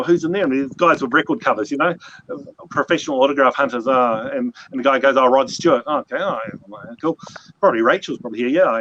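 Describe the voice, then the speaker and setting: A man's voice: mid-range voice, a bit bright. A man with a New Zealand accent, hosting a casual chat and telling long, rambling stories with many restarts. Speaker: host. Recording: dull lo-fi audio, faint noise.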